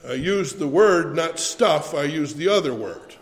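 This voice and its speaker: A man's voice: a little high, expressive, measured pace, long reverb tail. A man preaching a sermon, telling a funny story with playful swings in his voice.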